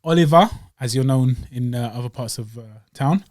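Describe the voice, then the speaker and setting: Male co-host, mid pitch, loose slangy banter. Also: normal speed, no echo, clean studio sound. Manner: slangy, jokey, animated. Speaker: podcast co-host. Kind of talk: casual chat.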